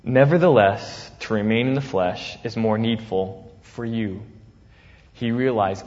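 A man preaching a sermon, casual and conversational, acting out scripture quotes with sudden loud bursts and easy laughs. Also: fairly low pitch, a little slow, big-room sound, dull audio. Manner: animated, acts out the apostle's words with sudden loud jumps. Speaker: pastor.

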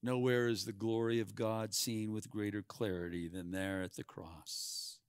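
A man preaching a sermon, swinging from hushed, quiet passages to loud, emphatic peaks. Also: lowish voice, steady tone, a little slow, clean tone, no echo, studio quality.

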